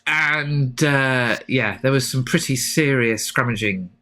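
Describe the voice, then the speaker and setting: A woman co-hosting a rugby podcast, chatting excitedly and rambling with lots of fillers. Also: extremely low pitch, slow. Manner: enthusiastic, rambling with many fillers. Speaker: podcast co-host and rugby photographer. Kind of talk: excited casual chat about rugby.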